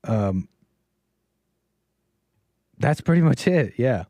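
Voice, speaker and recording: A man's voice: mid-range voice, very animated, very slow, dark tone, no room sound, clean studio sound. A man hosting a call-in livestream, talking to his chat in a meandering, casual way, full of fillers and trailing thoughts. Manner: meandering, full of fillers and restarts, laughs often. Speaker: livestream call-in show host. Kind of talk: casual rambling monologue to chat.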